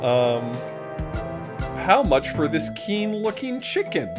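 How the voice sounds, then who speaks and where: A woman voicing a cheeky young male pirate hero in a mock Cockney accent, loud and mock-earnest. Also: lowish voice, sing-song, slow, music in the background, pitched above the performer's own voice. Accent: mock Cockney English.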